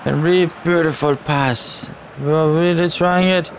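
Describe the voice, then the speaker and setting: A young man commentating his own football video game match as he plays, cheering, chanting and shouting at the referee. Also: fairly high pitch, fairly even intonation, unhurried, a little hiss or hum. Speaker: gaming channel host. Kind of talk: live gameplay commentary.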